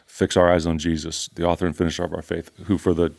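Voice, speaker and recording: A man's voice: low voice, flat delivery, quick pace, gravelly, a little mellow. An older man, a pastor, teaching from scripture in an earnest, emphatic conversational way. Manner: earnest, emphatic, repeats phrases for stress.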